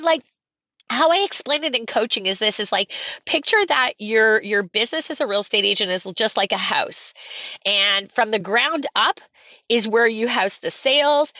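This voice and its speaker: Lively woman guest from Canada, animated storyteller, slightly dull, dry podcast sound. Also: a little high, no echo. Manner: animated, fast storytelling with acted-out quotes. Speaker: real estate coach, guest. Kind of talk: energetic storytelling interview.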